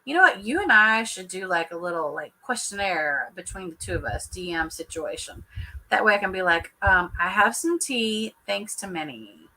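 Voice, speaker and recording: A woman hosting a live stream, chatting casually and warmly with a guest, laughing often and calling people honey. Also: on the low side, lively intonation, normal speed, a little hiss or hum, rough recording. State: injured knee. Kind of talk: casual chat.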